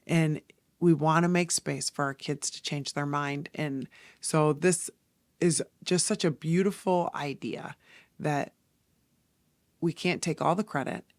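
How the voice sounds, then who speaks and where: Unhurried and low, with fairly even intonation and no room sound, a woman in her forties hosts a podcast. Her casual monologue is earnest and confessional, aimed straight at her listeners.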